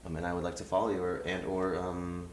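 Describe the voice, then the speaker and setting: A man's voice: deep voice, completely flat delivery, quick pace, a little hiss or hum. A man streaming a game live, chatting casually and rambling with lots of fillers, on a desk mic. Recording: roomy room with game music.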